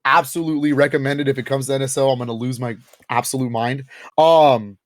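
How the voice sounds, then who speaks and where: A man's voice: mid-range voice, dry recording, studio quality. A young man co-hosting a podcast, talking casually and with lots of energy, his speech full of fillers and laughs. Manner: animated, lots of filler words and quick laughs. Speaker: podcast co-host. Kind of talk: casual chat.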